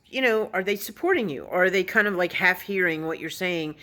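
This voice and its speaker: A woman's voice: lowish voice, fairly quick, bright, forceful tone. A woman vlogging casually, telling a story in a blunt, opinionated way and swearing now and then. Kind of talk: casual vlog monologue.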